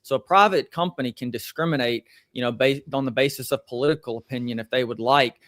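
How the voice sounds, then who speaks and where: A young man with a Southern American accent, speaking as an attorney guest in an interview. He explains things in a measured way with plenty of fillers, at a middle pitch. The sound is dry and close. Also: a bit bright, no room sound. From Tennessee, USA. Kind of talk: interview answers.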